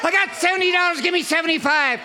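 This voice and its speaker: Man shouting a rapid auction chant. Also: very high voice, crowd noise. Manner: loud, rattling off bids. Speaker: volunteer auctioneer.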